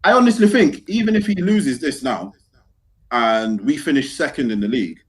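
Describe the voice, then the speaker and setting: A man's voice: mid-range voice, animated, normal speed. A man co-hosting a football podcast, arguing his point in slangy talk and often asking if you get what he's saying. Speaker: podcast co-host. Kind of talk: casual football podcast chat.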